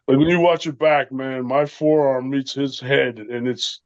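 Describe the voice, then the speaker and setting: Relaxed guy chatting, laughs a lot, kinda muffled lo-fi sound. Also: medium pitch, measured pace, a little hiss or hum. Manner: relaxed, laughs, swears lightly. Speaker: wrestling veteran guest. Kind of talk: casual chat. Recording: dull lo-fi audio.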